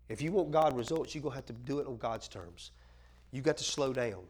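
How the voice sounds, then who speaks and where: A man preaching a sermon as pastor. He asks the congregation questions and answers them himself, drops to a hush at times, then builds up loud and fervent. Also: mid-range voice, animated, fairly quick, a little hiss or hum.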